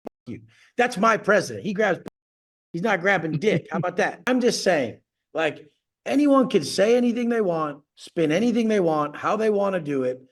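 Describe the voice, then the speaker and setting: Man, coach, video call, gravelly voice, profane boastful rant. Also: sits high, expressive, normal speed.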